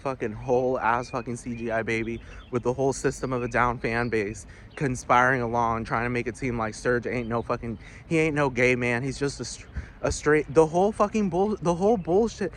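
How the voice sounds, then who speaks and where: A man's voice: mid-range voice, brisk, slight background noise. A man vlogging a heated, profane rant with many restarts, outdoors. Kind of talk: casual ranting monologue.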